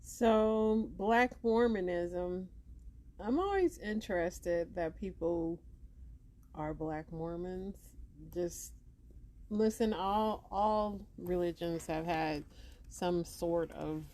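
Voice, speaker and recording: Brief: woman podcast host, unhurried and halting, lower-pitched, casual reaction talk. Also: a little mellow. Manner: loose, musing, halting delivery.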